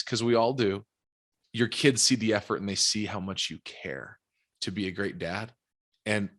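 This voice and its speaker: A man's voice: medium pitch, pushed and bright. A man speaking as a podcast guest, earnest and encouraging in casual conversation.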